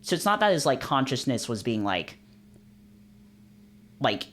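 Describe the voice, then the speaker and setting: Guy doing casual let's play commentary, jokey and rambly, restarts a lot, expressive voice. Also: mid-range voice, unhurried, a little hiss or hum. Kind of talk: casual commentary while reading a visual novel.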